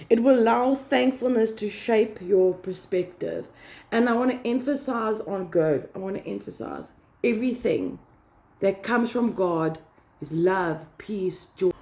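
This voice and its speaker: A woman's voice: mid-range voice, dark tone. A woman giving a casual devotional talk, earnest and emphatic, repeating key words. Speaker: Christian vlogger.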